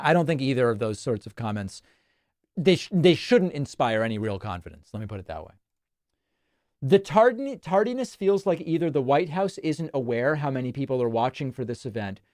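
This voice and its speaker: A man's voice: a little high, darkish tone, no echo. A man from Argentina hosting a casual live stream, chatting and reading viewer comments aloud into a close studio mic. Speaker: host.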